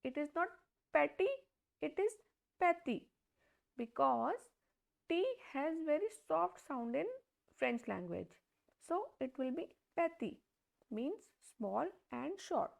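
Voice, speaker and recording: A high-voiced woman teaches a beginners' pronunciation lesson. She speaks slowly and deliberately, repeating each example word, and her voice has a gravelly, creaky edge. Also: animated. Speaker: language teacher. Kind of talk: slow step-by-step pronunciation lesson.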